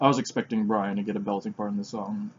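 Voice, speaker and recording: A man's voice: lowish voice, little pitch movement, fast, dull audio, slight background noise. A man casually commenting on songs as he listens, thinking aloud and sometimes eating while he talks. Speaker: music reaction vlogger.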